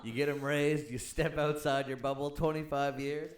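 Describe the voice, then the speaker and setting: A man's voice: on the high side, steady tone, normal speed. A man co-hosting a podcast, joking casually and laughing often. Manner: laughs often, short quips. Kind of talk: casual chat. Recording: echoey room.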